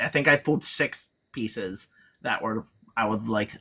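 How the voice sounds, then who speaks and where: This guest on a live chat stream is a reseller with a fairly low, sharp voice carrying a breathy edge. He speaks unhurriedly but rambles, filling gaps with fillers and frequently restarting.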